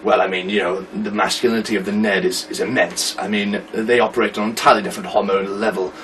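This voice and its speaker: A man's voice: on the low side, fairly even intonation, quick pace, fairly bright tone, far from the mic, a little hiss or hum, natural voice, poor audio. A man playing a pompous self-styled expert who lectures hesitantly with many fillers. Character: pompous older male expert on neds.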